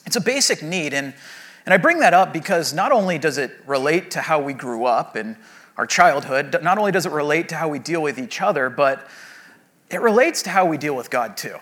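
Bright-voiced conversational male pastor. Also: on the high side, expressive, a little fast. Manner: conversational and anecdotal, with many fillers and restarts. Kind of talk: sermon.

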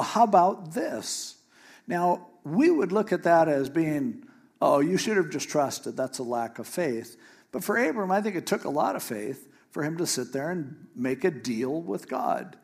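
A man preaching a sermon, retelling a scripture story in a lively, joking way with paraphrased dialogue. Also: on the high side. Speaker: pastor.

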